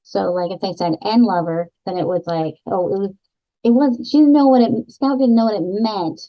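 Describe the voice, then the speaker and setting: A woman's voice: medium pitch, moderate pace. Talkative woman, slightly dull audio. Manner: relaxed, talkative, with fillers. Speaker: podcast co-host. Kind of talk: casual book chat.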